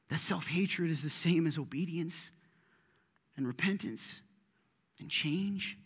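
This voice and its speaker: A middle-aged man preaching a sermon to his congregation, swinging between loud bursts and hushed asides. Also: a little high, moderate pace. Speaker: pastor. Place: church auditorium. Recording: reverberant hall.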